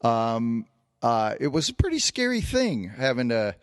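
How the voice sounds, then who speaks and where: A man's voice: mid-range voice, wildly swooping pitch, a little slow, smooth, no echo, clean studio sound. Man telling a story on a podcast. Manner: recounts an anecdote at length, with many fillers and restarts. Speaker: podcast co-host. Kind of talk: casual storytelling.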